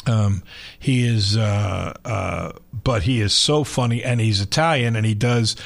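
Gravelly, husky host from Long Island. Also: male voice, on the low side, a little slow. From Long Island, New York. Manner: rambling, animated storyteller. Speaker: sports radio host. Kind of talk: casual sports radio chat.

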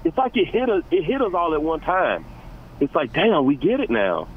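A man calling into a sports radio show, ranting excitably and stumbling over repeated words. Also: a little high, normal speed, narrow, tinny audio, a little hiss or hum. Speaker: caller.

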